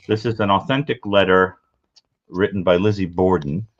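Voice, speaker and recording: A man with a very low, deep voice talks through his collection of crime memorabilia in casual show-and-tell chat. He rambles in an unhurried, matter-of-fact way. The audio is muffled and lo-fi.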